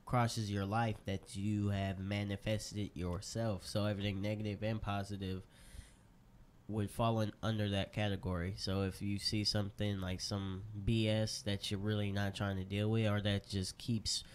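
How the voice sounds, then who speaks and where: A man co-hosting a radio show in casual chat, telling animated joking stories on a studio microphone. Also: fairly low pitch, normal speed, slight background noise. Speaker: radio co-host.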